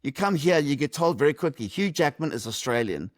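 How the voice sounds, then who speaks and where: A man's voice: fairly high pitch, very animated, fairly quick, no room sound, studio quality. A middle-aged man, a podcast guest answering reflectively with light humor over a video call. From South Africa. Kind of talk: conversational interview answers.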